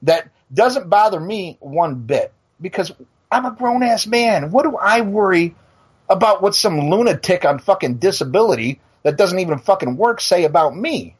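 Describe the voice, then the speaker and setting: Middle-aged guy ranting on his podcast, husky voice, swings up and down a lot, swears constantly. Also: high voice, lively intonation, normal speed. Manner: profane, blunt, stammers into restarts. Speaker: podcast and radio show host. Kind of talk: heated casual rant.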